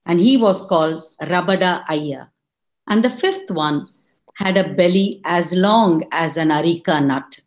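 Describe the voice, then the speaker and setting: A middle-aged woman telling a folk tale to listeners, expressive and rising high when she quotes her characters. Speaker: storyteller. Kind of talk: storytelling.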